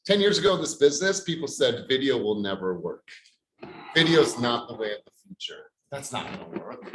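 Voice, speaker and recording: Blunt, upbeat male coach rallying a workshop; roomy echo, steady background noise. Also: mid-range voice. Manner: blunt, upbeat, swears casually. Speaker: real estate coach leading a workshop. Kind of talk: motivational workshop talk.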